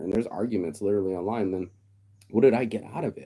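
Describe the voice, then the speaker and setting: Brief: middle-aged man, low dark voice, quick blunt profane rant, mocks others. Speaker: vlogger. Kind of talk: casual ranting monologue.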